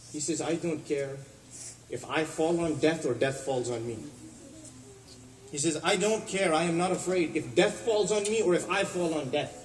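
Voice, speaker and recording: A man's voice: darkish tone, distant mic, a little hiss or hum. Man preaching in an echoey hall. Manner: storytelling lecture, acting out quoted speakers with rising and falling pitch. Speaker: speaker at a religious center. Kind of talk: sermon.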